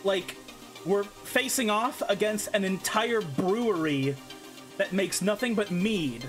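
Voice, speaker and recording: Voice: mid-range voice, slow. Midwest accent streamer cursing through a let's play, game music behind. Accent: Midwestern American. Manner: blunt, swearing, laughing asides.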